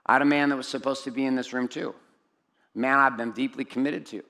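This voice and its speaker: A middle-aged man giving a blunt, profane motivational talk on stage to a room of men, swinging from loud outbursts to low, intimate asides. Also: fairly even intonation, fast talker, vocal fry. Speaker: event speaker.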